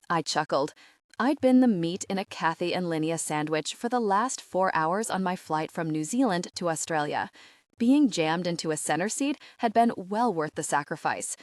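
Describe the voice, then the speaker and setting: A woman narrating a first-person romance audiobook in a steady, even voice, read close to the mic. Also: fairly low pitch, normal speed, dry recording.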